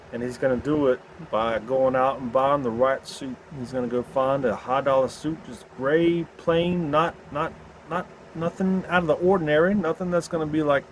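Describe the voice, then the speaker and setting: A man with a Southern American accent talking candidly into the camera in a personal vlog, halting and searching for words with many restarts. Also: medium pitch, noisy background.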